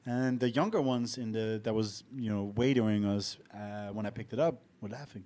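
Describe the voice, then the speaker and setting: A man's voice: fairly low pitch, normal speed. Profane joking podcast co-host man. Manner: profane, joking, animated storytelling. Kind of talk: casual chat. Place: abroad, living in Tallinn.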